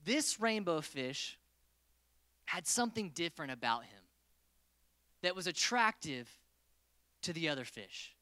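Man, casual joking sermon, bright clear voice, dry sound. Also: fairly high pitch, lively intonation, measured pace, pauses often, dry recording. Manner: playful, joking with the crowd. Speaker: preacher.

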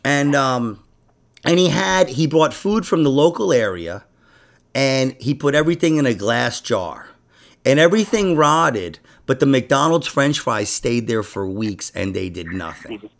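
Gravelly, animated joking man. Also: mid-range voice, unhurried. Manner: joking, teasing, calls people buddy. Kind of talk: casual chat.

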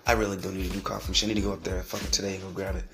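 A man's voice: low voice, level tone, rapid-fire, a bit bright, soft background music. A man hosting a solo podcast, ranting in a profane, rambling way and repeating himself. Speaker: podcast host.

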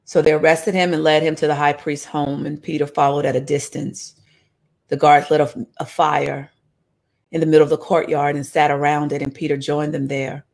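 A woman preaching a sermon, reading scripture aloud with animated, conversational asides to her listeners. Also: deep voice, moderate pace, gravelly.

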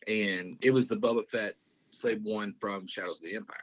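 A man's voice: on the low side, fairly even intonation, normal speed. A man in his thirties, chatting casually, rambling with lots of fillers, restarts and swearing. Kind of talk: casual chat. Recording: dull lo-fi sound.

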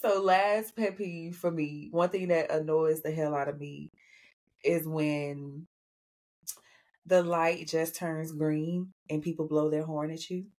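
A woman's voice: low-pitched, steady tone, slow, darkish tone. Sassy woman cohost telling a pet peeve story, calls folks child and girl. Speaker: podcast co-host. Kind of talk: casual chat.

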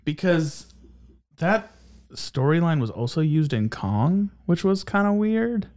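A young man co-hosting a casual podcast chat, animated and laughing often, telling stories and slipping into goofy voices. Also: fairly high pitch, slow pace. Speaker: podcast co-host.

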